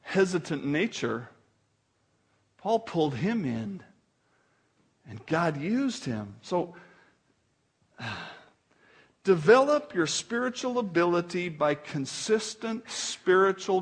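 A man's voice: high-pitched, sing-song, unhurried, slightly rough. A man preaching a sermon as pastor in a conversational way, with asides and laughter.

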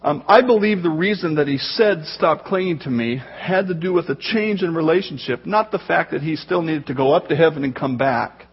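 Husky-voiced man preaching a sermon. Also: on the high side, moderate pace, few pauses, highs cut off. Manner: animated storytelling, acts out voices in quotes. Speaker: pastor.

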